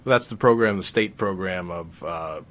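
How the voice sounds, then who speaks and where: Casting: low-voiced male candidate, earnest, measured, faint room ambience. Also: fairly bright tone, slight background noise. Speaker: political candidate guest. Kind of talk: casual radio interview.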